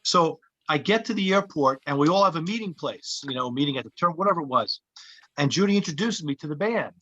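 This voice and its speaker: A man, a comedian and actor, telling lively anecdotes in casual chat and acting out the voices of people he quotes. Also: fairly high pitch, brisk, muffled recording. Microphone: podcast mic.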